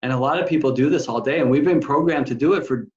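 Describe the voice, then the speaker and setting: A man's voice: mid-range voice, fast talker, darkish tone. Earnest male podcast host, slightly dull audio. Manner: earnest, encouraging. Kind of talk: casual interview talk.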